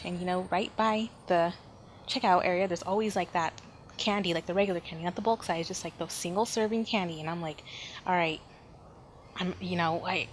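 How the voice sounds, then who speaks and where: A woman hosting a podcast, telling a personal story in an animated, emphatic way, with frequent sighs and fillers. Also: mid-range voice, a little hiss or hum. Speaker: podcast host.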